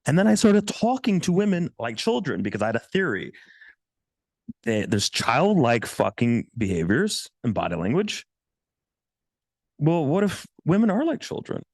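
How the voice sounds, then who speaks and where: A man giving a seminar presentation as a dating coach, blunt and profane, with frequent restarts and quick jumps into other voices. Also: vocal fry, no echo, clean studio sound. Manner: animated, jumps into high voices for quotes.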